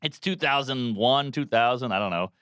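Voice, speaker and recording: A man in his thirties, a comedian guest telling a wild story on a podcast, animated with sudden loud yelps. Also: medium pitch, normal speed, smooth, dry recording, clean studio sound. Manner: animated, bursts into loud yelps and put-on voices.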